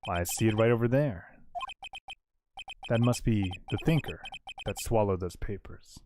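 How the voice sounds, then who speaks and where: A man's voice: fairly low pitch, normal speed, background noise, close to an everyday voice. A man voicing a smug, scheming middle-aged male villain with an oily, gloating delivery, as he reads game dialogue aloud. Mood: gloating menace.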